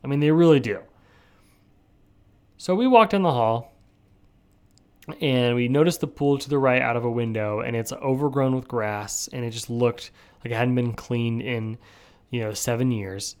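A man's voice: mid-range voice, normal speed, long pauses, smooth. A young man hosting a casual solo podcast, telling a rambling story with lots of restarts and asides. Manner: rambling, animated, self-interrupting. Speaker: podcast host.

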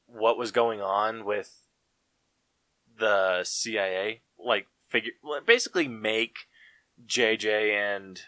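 Male podcast co-host, unhurried slangy rambler, dry close mic. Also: on the low side, sharp tone, no room sound. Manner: rambling, laid-back, full of fillers and slang. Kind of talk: casual chat.

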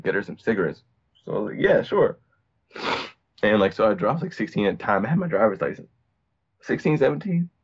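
A man's voice: medium pitch, darkish tone, lo-fi sound. A young man from Virginia telling a personal story in a casual, rambling way, full of fillers and restarts. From Virginia, USA. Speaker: podcast guest.

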